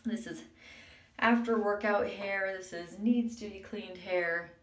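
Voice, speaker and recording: A woman's voice: mid-range voice, fairly even intonation, takes it slowly, fairly bright tone. A young woman chatting casually to her vlog camera in a rambling way, with lots of fillers and small laughs. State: shivering with cold. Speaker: vlogger. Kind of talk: casual chat.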